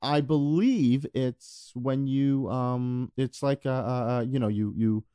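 A man co-hosting a podcast in casual chat, joking deadpan and searching for words. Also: medium pitch, clear, resonant tone, no room sound. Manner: dry, deadpan jokes, halting searches for words. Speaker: podcast co-host.

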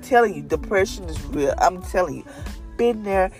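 A woman's voice: on the low side, lively intonation, normal speed, darkish tone. Middle-aged mom sharing her faith story, earnest, repeats stuff for emphasis, faint music behind. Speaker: mother sharing a faith testimony. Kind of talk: heartfelt faith talk to viewers.

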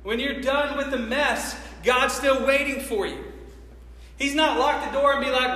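A man's voice: very high-pitched, measured pace, pushed and bright. A man preaching a sermon in a church, telling the story casually and with slang, acting out what people say. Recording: echoey hall with long reverb.

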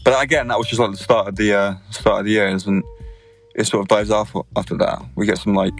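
A young man hosts a podcast, telling a rowdy story full of constant swearing and laughter in casual chat. His voice is on the low side with fairly even intonation and a slightly fast pace, faint music playing behind.

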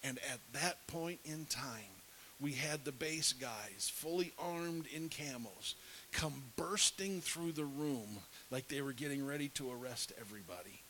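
A man's voice: medium pitch, measured pace, pushed and bright, rough recording. A middle-aged man preaching, telling a story with animation and dropping to a whisper to act out scenes. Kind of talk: sermon storytelling. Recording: faint hiss.

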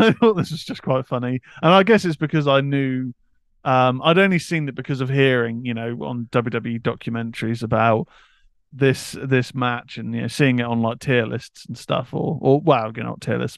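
A man's voice: medium pitch, creaky, no echo, clean studio sound. A British man co-hosting a casual wrestling podcast, laid-back, reading out history bits and laughing easily. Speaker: podcast co-host.

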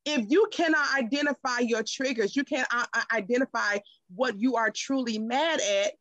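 A woman who teaches, talking in a lively podcast conversation, often laughing and acting out the people she quotes. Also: on the high side, normal speed, hardly any pauses, no room sound, low-quality recording. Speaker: teacher and guest.

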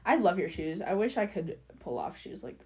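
A woman's voice: on the low side, big pitch swings, moderate pace, mellow. A young woman co-hosting a podcast in casual chat, playful and insistent as she argues her point. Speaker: podcast co-host.

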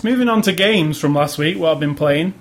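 A man's voice: fairly high pitch, fairly quick. Rambling, jokey male podcast co-host. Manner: rambling, jokey, laughs often. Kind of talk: casual chat.

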